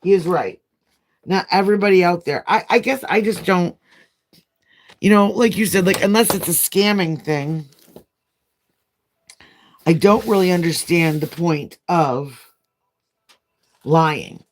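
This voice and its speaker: A woman's voice: lowish voice, a little slow, pauses often. A woman chatting casually as a nail vlogger while she does her nails, telling a long, frank, rambling story.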